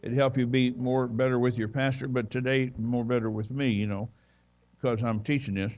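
A man's voice: mid-range voice, steady tone, moderate pace, darkish tone, lo-fi sound. A man preaching as a visiting minister, telling folksy stories and reading scripture aloud. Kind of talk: sermon.

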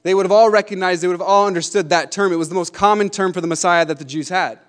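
High-voiced fervent male preacher. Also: fast, clean tone. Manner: fervent, swinging from hushed asides to emphatic declarations. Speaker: pastor. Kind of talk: sermon.

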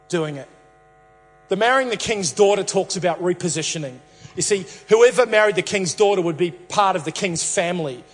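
High-voiced male pastor in a reverberant hall. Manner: repetitive, playful storytelling with catchphrases. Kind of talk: sermon.

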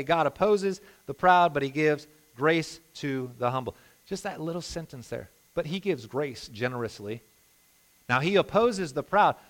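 A man preaching a sermon as a pastor, impassioned, moving between hushed and emphatic delivery. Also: a little high.

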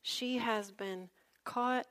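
A woman's voice: a little high, drawn-out words. A woman pastor preaching a sermon in a chatty, storytelling way with asides to her listeners. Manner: conversational, animated storytelling with asides to the congregation.

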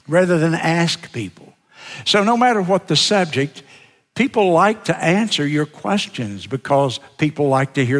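Pastor teaching in a reverberant church. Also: male voice, a little high. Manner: practical, coaching, demonstrates with a booklet. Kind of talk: teaching sermon. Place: church sanctuary. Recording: long hall reverb.

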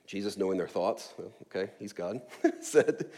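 A pastor in his forties, with a lowish voice and moderate pace, preaches a sermon conversationally. He keeps checking in with "right?" and puts lively emphasis on key words.

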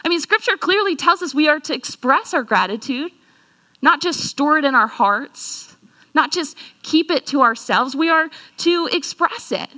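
A woman giving a sermon in an earnest way, slowing down on scripture and asking the listeners questions. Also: high-pitched, pushed and bright. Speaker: speaker at a church talk.

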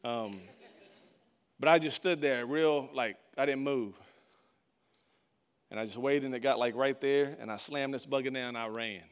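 Male preacher, mid-pitched, animated sermon storyteller with loud peaks and quiet drops. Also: moderate pace, long pauses, smooth. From Florida. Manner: animated storyteller, acts out quotes, big swings in loudness.

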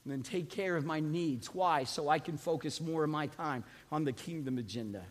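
A man preaching a sermon as a pastor, calling on the congregation to repeat after him and swinging from quiet asides to shouted emphasis. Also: fairly high pitch, moderate pace. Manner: preaching with call-and-response to the congregation. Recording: long reverb of a large hall.

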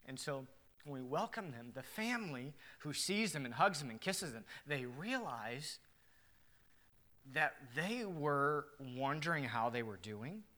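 Bright, earnest male pastor preaching. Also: a little high, sing-song, unhurried. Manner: earnest, emphatic, swinging between quiet and loud. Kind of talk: sermon.

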